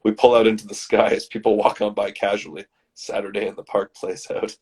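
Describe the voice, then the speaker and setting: A man from Canada, hosting and reading his comedy scripts aloud in a dramatic, animated way. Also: lowish voice, a little fast, slightly rough. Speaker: host and scriptwriter.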